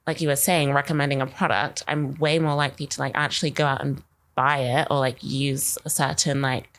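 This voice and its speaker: A woman's voice: very deep voice, flat delivery, a little fast, fairly bright tone. A young woman co-hosting a marketing podcast, chatting casually and rambling, filling her talk with "like". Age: young adult. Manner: chatty, rambling, uses "like" constantly. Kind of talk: casual chat.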